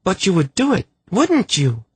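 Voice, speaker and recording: A man's voice: sits high, huge pitch swings, normal speed, slightly rough, no echo, voice pushed up, exaggerated voice. A man voicing a sulky, spirited young queen stuck in bed, petulant and sarcastic. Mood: defiant.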